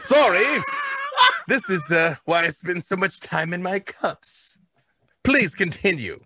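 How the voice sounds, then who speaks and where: A swaggering fantasy warrior hero, stiffly formal and boastful, as a man puts him on. His voice is bright and ringing, a touch high, with a lively, theatrical lilt. The sound is dry and close. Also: slow, no room sound, exaggerated voice. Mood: grandiose. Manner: grandiose, formal archaic speech. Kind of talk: in-character comedic banter.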